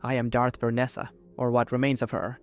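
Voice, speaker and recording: A man voicing an ancient Sith woman's spirit kept in a holocron, speaking with gentle, motherly patience. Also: medium pitch, completely flat delivery, fairly quick, clear, resonant tone, faint music behind, natural voice.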